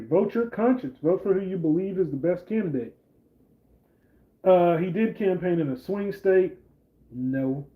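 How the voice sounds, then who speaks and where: This livestream host is a man with a fairly high-pitched voice, heard through narrow, tinny audio. He runs a casual political stream, rambling with plenty of "like" fillers and stopping to read out comments from viewers.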